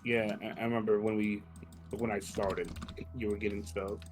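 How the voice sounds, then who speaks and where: A man's voice: on the low side, flat delivery, normal speed, background noise. A man playing in a live tabletop game, asking questions and methodically listing his character's options. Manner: inquisitive, lists options methodically. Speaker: player. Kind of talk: casual tabletop chat.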